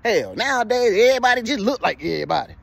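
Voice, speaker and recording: A man's voice: high voice, big pitch swings, quick pace, creaky, a bit bright, no echo. A man in his thirties giving casual motivational advice, preachy and repetitive, who keeps checking in with "you feel me.". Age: 30s. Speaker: motivational vlogger.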